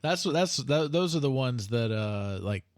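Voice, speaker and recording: A man co-hosting a podcast in casual chat, hesitant and quick to laugh. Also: medium pitch, animated, no room sound, studio quality. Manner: hesitant, many fillers and restarts, laughs a lot. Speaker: podcast co-host.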